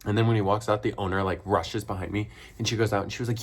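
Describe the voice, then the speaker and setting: Low-voiced young man telling a story. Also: steady tone, fast talker, few pauses. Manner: rambling, filler-heavy, wry. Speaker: vlogger. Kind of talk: casual storytelling.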